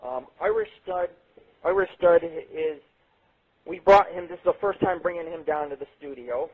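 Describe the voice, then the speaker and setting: A man hosting a late-night internet radio show, telling rambling, profane stories with sudden jumps in pitch. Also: lively intonation, moderate pace, husky. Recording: tinny phone-like sound.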